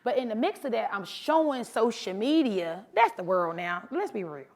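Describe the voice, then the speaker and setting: Bubbly, animated woman telling her story. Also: a little high, moderate pace. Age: adult, mother of sons. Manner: casual, chatty, addresses crowd as honey and y'all. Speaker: truck driver and social media creator. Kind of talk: motivational speech to an audience. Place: live event before an audience.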